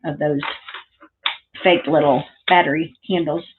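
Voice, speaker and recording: A woman with a fairly low voice talks through a crafting project in an easy, meandering way. She drifts into side stories and keeps filling pauses with ums. The recording sounds thin and tinny, like a phone line. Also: steady tone, background noise. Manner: rambling, chatty, lots of ums and side stories. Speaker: craft vlogger. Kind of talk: casual crafting tutorial chat.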